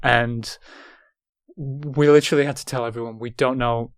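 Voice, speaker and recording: A young man in his twenties with an English accent, chatting as a guest and telling anecdotes with loud, laughing impressions of the people he met. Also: medium pitch, moderate pace, clear, resonant tone, no echo, studio quality. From England. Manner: animated, acts out quotes loudly with laughter. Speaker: actor guest. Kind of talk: casual storytelling chat.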